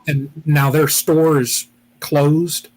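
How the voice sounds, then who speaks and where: Ohio guy hosting a live beekeeping chat, kinda high voice, rambles on. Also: flat delivery, extremely slow, darkish tone. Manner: rambling, lots of "you know" and restarts. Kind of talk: casual chat.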